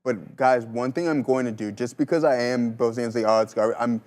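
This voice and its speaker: A man's voice: mid-range voice, moderate pace, a little mellow. A man co-hosting a live trading show, chatting casually and loosely, full of slang like bro and dude. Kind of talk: casual live market chat.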